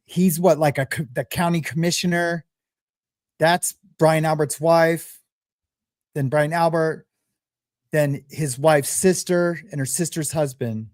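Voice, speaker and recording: A man's voice: on the high side, steady tone, slow pace, dry recording, clean studio sound. A man commenting bluntly and mockingly over news clips in casual talk. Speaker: streamer reacting to a news clip.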